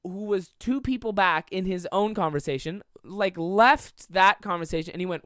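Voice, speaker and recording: A man's voice: sits high, normal speed, few pauses, fairly bright tone, clean tone, no room sound, clean studio sound. A young man hosting a solo comedy podcast, telling rambling stories and slipping into silly voices to act them out. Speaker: podcast host.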